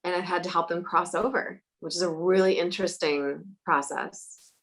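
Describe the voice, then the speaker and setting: A woman guest, a psychic medium, telling stories in a casual interview, animated and laughing often, acting out the voices of the people in her tales. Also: lowish voice, moderate pace, poor audio.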